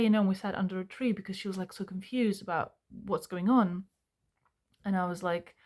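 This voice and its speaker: A young woman, talking earnestly and haltingly to camera about healing, with many fillers and restarts. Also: medium pitch, steady tone, darkish tone. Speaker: self-help vlogger. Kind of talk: reflective personal talk to camera.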